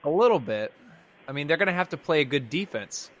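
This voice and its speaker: A man's voice: on the high side, big pitch swings, brisk. Exasperated man ranting about football. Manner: rambling, exasperated fan rant with frequent restarts. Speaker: podcast co-host. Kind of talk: casual sports fan reaction chat.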